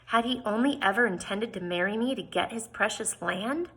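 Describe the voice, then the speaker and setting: A woman reading a novel aloud informally, expressive and lifting her voice for quoted lines, with small slips and restarts. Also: mid-range voice, normal speed, slightly rough, rough recording.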